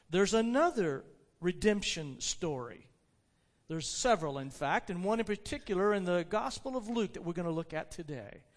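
A male pastor preaching a sermon, reading a classic story aloud expressively with varied emphasis, in a church sanctuary. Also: high-pitched. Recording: long reverb of a church hall.

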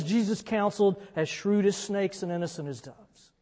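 A man preaching a sermon as a pastor, slow and deliberate, swinging between emphatic lines and hushed ones. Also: high voice. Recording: long reverb in a large hall.

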